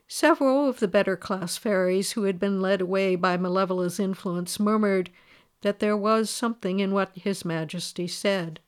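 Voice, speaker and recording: A woman reading a fairy tale aloud, lively and expressive. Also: medium pitch, normal speed, clear, resonant tone. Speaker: storyteller.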